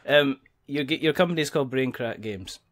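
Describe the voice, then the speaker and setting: A man hosting a casual podcast chat, his voice sitting at an ordinary middle pitch. He jokes around, laughs easily and often restarts his sentences. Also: normal speed, a bit bright, a little hiss or hum. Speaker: podcast host.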